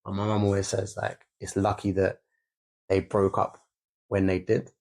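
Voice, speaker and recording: A man's voice: low-pitched, completely flat delivery, moderate pace, vocal fry. A young man, co-hosting a candid podcast about fatherhood and swearing freely as he talks. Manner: swears freely, re-enacts scenes loudly. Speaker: podcast co-host.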